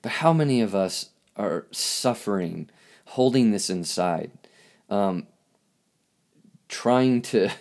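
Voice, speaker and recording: A man hosting a podcast, speaking in a halting, reflective monologue with lots of restarts, and openly emotional. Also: on the low side, lively intonation, darkish tone. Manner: halting, searching for words, emotional. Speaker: podcast host.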